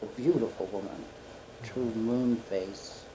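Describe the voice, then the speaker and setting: A man guest on a community talk show, telling anecdotes in a playful, animated way. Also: on the low side, takes it slowly, a little hiss or hum, low-quality recording. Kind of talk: storytelling on a local talk show. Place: community studio.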